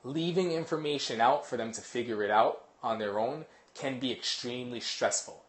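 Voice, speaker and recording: A man working as a dog trainer, casually explaining to a live audience in a quick, animated way, full of analogies. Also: mid-range voice.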